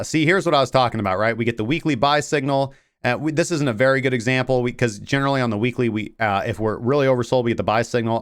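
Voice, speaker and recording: Smooth-voiced rambling crypto host. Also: male voice, medium pitch. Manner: rambling, filler-heavy talk. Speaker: crypto trading show host. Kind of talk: casual market commentary.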